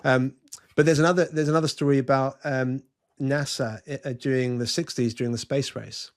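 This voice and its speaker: A man's voice: mid-range voice, fairly even intonation, normal speed. A man, a podcast guest talking earnestly and telling an anecdote, with frequent restarts. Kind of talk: conversational interview, storytelling.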